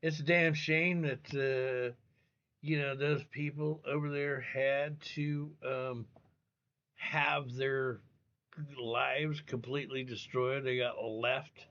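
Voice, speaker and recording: A man's voice: medium pitch, a bit bright, muffled recording. A man ranting live on a stream, blunt, heated and profane. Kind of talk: live reaction rant.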